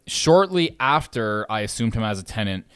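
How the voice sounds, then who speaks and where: A man hosting a podcast, telling a landlord story in a loose, animated way, swearing freely and getting louder as he gets riled up. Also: fairly low pitch, normal speed, clean tone, no room sound, studio quality. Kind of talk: casual podcast chat.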